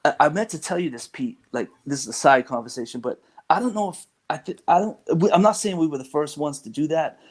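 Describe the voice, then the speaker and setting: A man's voice: a little high, quick pace, few pauses. A man with a Massachusetts accent, a rapper chatting casually and teasing his friends. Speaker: rapper, guest. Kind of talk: casual chat.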